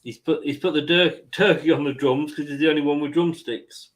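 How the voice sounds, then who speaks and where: A watchalong host with a strikingly high voice calls a live football match for other fans over loud music. Excitable and quick to laugh, he keeps his delivery relaxed and conversational.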